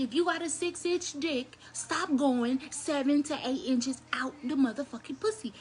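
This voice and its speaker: A young woman with a high-pitched voice tells a story straight to her viewers. She is blunt and crude, with a casual and animated delivery. A faint background noise sits under her voice. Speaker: storyteller vlogger.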